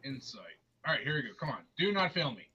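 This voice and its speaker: A man's voice: medium pitch, sing-song, quick pace, pushed and bright, muffled recording, slight background noise. A man playing in a tabletop game, chatting casually and easygoing. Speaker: player.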